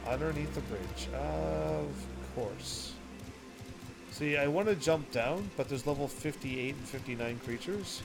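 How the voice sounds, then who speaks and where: A man giving casual, rambling gameplay commentary in an excitable way. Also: a little high, a little slow, creaky. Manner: rambling, excitable, breaks into laughter. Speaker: gaming streamer. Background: faint game music.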